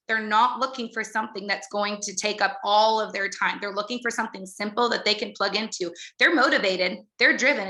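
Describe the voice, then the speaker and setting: A woman coaching her business team in a motivational talk, talking fast and earnestly, with many fillers and restarts. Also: fairly high pitch, sharp tone, echoey room.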